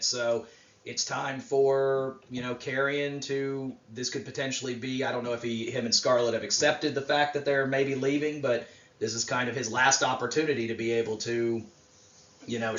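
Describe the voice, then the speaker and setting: A man co-hosting a wrestling podcast, talking casually in a rambling way with lots of fillers. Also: mid-range voice. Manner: rambling, filler-heavy, relaxed. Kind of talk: casual chat, predictions. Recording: roomy, distant, dull mic.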